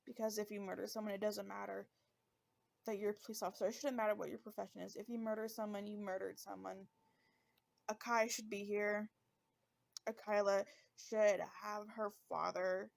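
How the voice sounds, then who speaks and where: A woman's voice: mid-range voice, fairly even intonation, normal speed, creaky. A woman hosting a true-crime podcast in a casual, conversational way, visibly emotional and fighting back tears. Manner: conversational with fillers. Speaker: podcast host.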